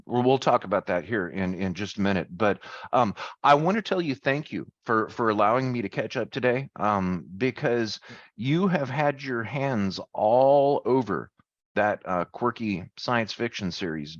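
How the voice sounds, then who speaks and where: Brief: male host, halting, filler-heavy, dry muffled recording. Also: lowish voice, animated, no room sound. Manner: friendly, halting, lots of fillers and affirmations. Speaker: interviewer. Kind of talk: casual interview chat. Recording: dry, slightly dull audio.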